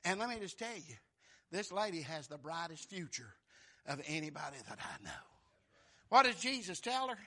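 A man, preaching a fervent sermon that keeps bursting into shouts. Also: a little high, very animated, moderate pace.

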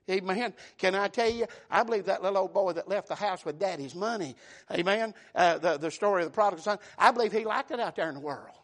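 A man preaching a sermon, calling for amens and rising to shouted climaxes. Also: high-pitched, a little fast. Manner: call-and-response preaching, building to shouts.

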